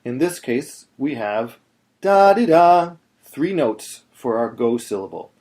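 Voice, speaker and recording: A man teaching Torah chanting in a video lesson, explaining step by step and chanting slow demonstrations. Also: medium pitch, lively intonation, a little mellow.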